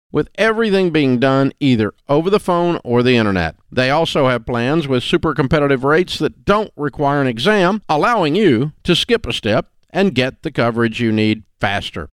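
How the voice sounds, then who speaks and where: A man reads a sponsor ad in a folksy, persuasive way. His pitch moves a lot and his voice is smooth and resonant, with dry close-mic sound. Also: no echo. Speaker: ad reader. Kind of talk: read sponsor ad.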